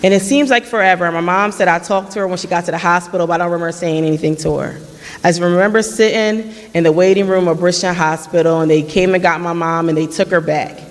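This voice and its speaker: A fast talker with a medium pitch and fairly even intonation shares an earnest testimony at a community forum. In their late 30s, they replay past conversations in their own voice, and the church hall gives a long, echoing reverb.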